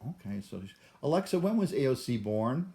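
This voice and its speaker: A man's voice: medium pitch, big pitch swings, brisk, mellow. An older man talking to the camera in a rambling monologue, often stammering and restarting his sentences. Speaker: vlogger.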